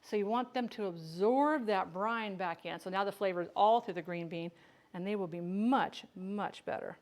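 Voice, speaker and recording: A woman's voice: mid-range voice, normal speed, a little mellow. A chatty woman talking through a home canning session in a mid-range voice. She jokes at her own expense and calls out viewers by name as she works. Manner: chatty, joking, self-teasing, talks to viewers by name. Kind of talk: casual cooking livestream chat.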